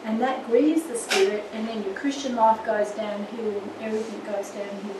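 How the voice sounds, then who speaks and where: A woman's voice: a little high, normal speed. Older woman teaching, distant and echoey. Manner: earnest, with lively anecdotes and acted quotes. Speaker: church course teacher. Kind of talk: marriage course teaching. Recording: echoey room, distant mic, background noise.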